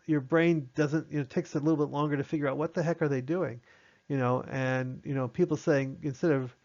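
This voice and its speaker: A man's voice: fairly high pitch, darkish tone, highs cut off. A man teaching an online amateur radio class in a conversational way, acting out short radio exchanges as examples.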